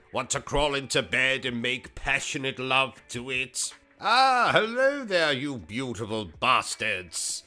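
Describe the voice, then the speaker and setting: A gaming YouTuber with a British accent and a sharp, mid-range voice hosts a livestream. His comedic rant is pompous, insulting and theatrical.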